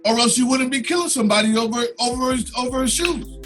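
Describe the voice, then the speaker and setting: Bright-voiced man pushing back in debate. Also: very high-pitched, quick pace, faint music behind. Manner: conceding, then pushing back insistently. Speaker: podcast co-host. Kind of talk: casual debate on a podcast.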